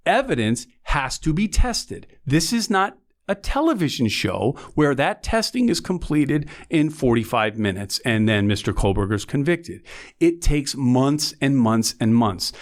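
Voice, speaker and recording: A man, a former prosecutor co-hosting a podcast, explaining cases step by step in a casual, earnest chat. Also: medium pitch. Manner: earnest, explains step by step with frequent "okay" and "right".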